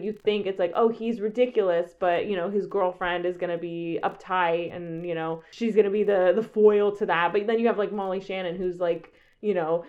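A podcast co-host with a medium-pitched voice makes an enthusiastic, profane case for a film in casual conversation, building her argument as she goes. The recording is muffled.

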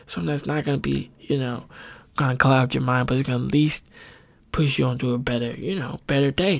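A man with a gravelly, husky voice rambles through a casual podcast monologue. He rants and swears freely, and his pitch jumps high whenever he gets worked up. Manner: profane, animated ranting with sudden high-pitched outbursts. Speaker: podcast host.

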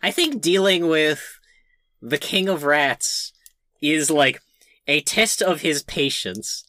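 A woman's voice: deep voice, takes it slowly. A woman playing a tabletop role-playing game, explaining her character's moves in a chatty way with lots of fillers. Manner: animated, chatty, hesitant fillers. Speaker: player. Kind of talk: casual tabletop play with in-character bits.

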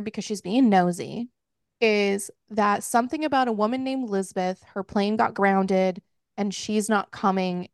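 A woman hosting a book club podcast, recapping a story in casual chat with lively, profane quoted dialogue. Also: mid-range voice, dry recording, clean studio sound.

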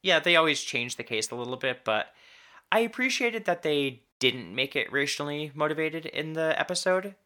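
A podcast co-host in casual chat, chatty and quick to laugh, stumbling over words now and then. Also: mid-range voice, animated, sharp tone.

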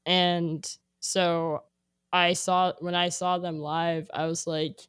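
Casting: young woman, casual chatter, lowish voice, unhurried, lots of "like" fillers; dry close recording. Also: clean tone, dry recording. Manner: rambling, heavy use of "like", animated when quoting. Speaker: guest sharing a playlist. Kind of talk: casual chat.

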